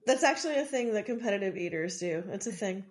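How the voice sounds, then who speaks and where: A woman's voice: medium pitch, lively intonation, quick pace. Chatty, jokey woman podcast host. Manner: chatty, jokey, talks over her co-host. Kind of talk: casual chat recapping a TV episode.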